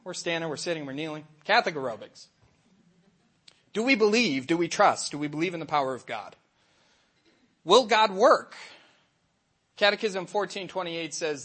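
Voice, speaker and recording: A middle-aged man, a Catholic catechist, giving a lively faith talk to an audience and acting out little voices in his stories. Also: fairly high pitch, normal speed, long pauses, breathy edge. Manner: animated storytelling, acts out voices and asides.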